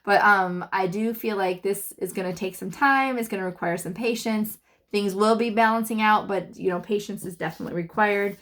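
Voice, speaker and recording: A woman's voice: mid-range voice, moderate pace, a bit bright. A woman giving a casual tarot reading to her channel's viewers, chatty and full of fillers as she thinks aloud. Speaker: tarot reader.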